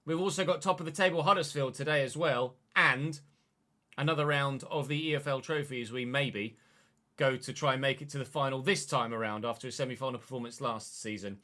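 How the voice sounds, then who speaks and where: A young man streams a football management game in a brisk, pushed, bright mid-range voice, keeping his live commentary casual while swearing and answering chat.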